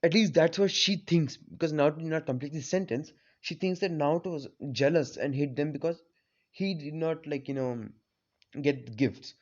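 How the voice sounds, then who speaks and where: A man's voice: on the high side, moderate pace. Rambling man retelling a fan story. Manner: rambling, many fillers. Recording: slightly dull lo-fi audio.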